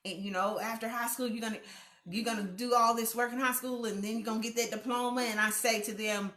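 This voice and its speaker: Her voice a little high and her pace a little quick, a middle-aged woman leads a laid-back youth mentoring livestream from home, where the room echoes. She tells lively stories, performing quoted voices with bursts of laughter.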